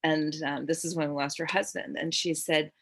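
A middle-aged woman with a low voice tells a story in an easy, rambling way. She restarts sentences and leans on fillers as she goes, like a medium recounting a reading on a podcast. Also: fairly even intonation, normal speed, breathy edge. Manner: rambling, self-interrupting, with frequent "like" and "um".

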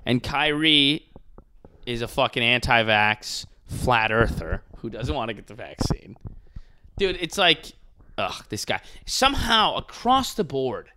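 Animated, profane man ranting on a podcast. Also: mid-range voice, a little slow, background noise. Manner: animated, profane, mocking impressions. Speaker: podcast host. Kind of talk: casual podcast rant.

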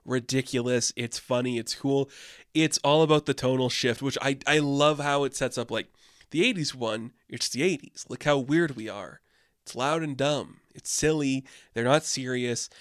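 A man's voice: mid-range voice, a bit bright, no room sound. Guy rambling through a movie review on his podcast, opinionated, lots of like, dry close mic. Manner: rambling and opinionated, many fillers. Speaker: podcast host. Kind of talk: casual film review monologue.

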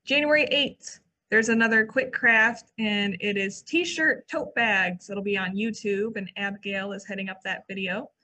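A woman library staffer co-hosting a casual podcast, reading event listings and adding quick asides. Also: medium pitch, fairly even intonation, pushed and bright. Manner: chatty, reads listings then adds quick asides. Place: old brick library building.

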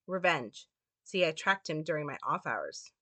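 A woman's voice: low voice, sing-song, a little slow, a bit bright, dry recording, pitched below the performer's own voice, full character voice. A woman reading the lines of a sarcastic, hard-bitten male police detective from a script in a dry, mocking way. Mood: grim.

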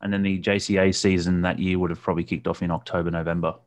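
A man hosting a casual interview, recalling details at length with many pauses and ums. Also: sits low, little pitch movement.

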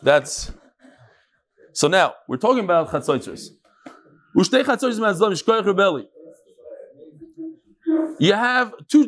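A man teaching a Talmud class live, lively and joking, with Hebrew and Yiddish terms all through his talk. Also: high voice. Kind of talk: daf lesson to a live class.

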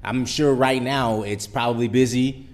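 A man's voice: mid-range voice, steady tone, normal speed. A man hosting a podcast, chatting in a laid-back, agreeable way, often trailing off mid-sentence. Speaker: podcast host. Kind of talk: casual podcast chat.

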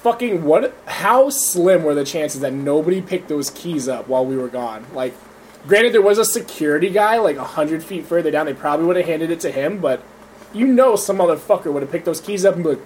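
High-voiced young man telling a story. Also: expressive, brisk, a little mellow, a little hiss or hum. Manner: profane, laughing storyteller. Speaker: storyteller among friends. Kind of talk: casual chat.

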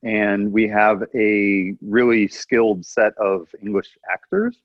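A man's voice: fairly low pitch, takes it slowly, dry recording. Midwest guy rambling on a podcast, dry close sound, a bit dull and lo-fi. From American Midwest. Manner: rambling, restarts and muses aloud. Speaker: podcast co-host. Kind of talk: casual chat.

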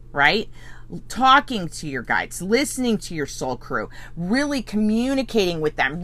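A woman's voice: medium pitch, fairly bright tone. A woman teaching a spiritual coaching lesson in an earnest way, often checking in with "right?" and "okay?" and acting out what her listeners might think. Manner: acts out listeners' inner voice.

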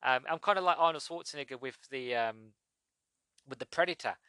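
Bright-voiced man reviewing a game. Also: medium pitch, brisk, clean tone, no room sound. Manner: rambling, chatty, with frequent restarts; acts out lines from the game in sudden loud outbursts. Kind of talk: casual spoken game review.

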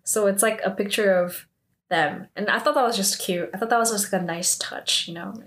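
A young woman vlogs her recap of a TV drama in a casual, rambling way. She leans on "like" constantly and climbs higher whenever she is incredulous. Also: brisk, a bit bright. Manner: chatty, heavy use of "like", rising disbelief.

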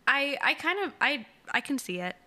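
A bubbly young woman co-hosting a casual podcast chat. Her voice sits a little high and sounds bright and forceful. She gushes and laughs a lot. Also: animated, normal speed. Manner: bubbly, laughs often, gushing. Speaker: podcast co-host.

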